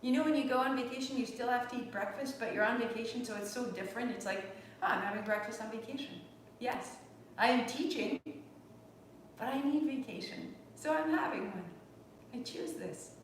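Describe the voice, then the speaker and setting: A woman in her forties teaching a live online yoga class from home, speaking in a gentle, reflective and heartfelt way. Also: a little high, a little hiss or hum. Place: home room. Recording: echoey room, distant mic.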